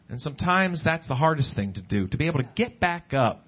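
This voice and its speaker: Man preaching, husky voice, slightly high pitch, dull lo-fi recording, faint guitar behind. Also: very animated, brisk, hardly any pauses. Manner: conversational preaching, pitch climbing when emphatic. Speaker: pastor. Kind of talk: sermon. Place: church service.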